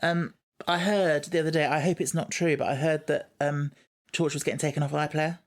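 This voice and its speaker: A man's voice: fairly high pitch, little pitch movement, fairly quick. Playful man, giggly podcast chat. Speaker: podcast co-host. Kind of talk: casual chat.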